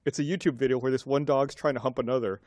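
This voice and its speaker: A man's voice: medium pitch, fast talker, no echo, clean studio sound. A man co-hosting a casual podcast, describing things with many fillers. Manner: lively, uses many fillers like "like" and "uh". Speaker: podcast co-host.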